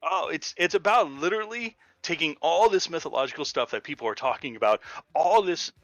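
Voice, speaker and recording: A man voicing a brash skeptic who hosts his own show, talking in loud, showy presenter bluster. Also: fairly high pitch, lively intonation, a little fast, dry recording, faint music behind, voice pushed up. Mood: dismissive.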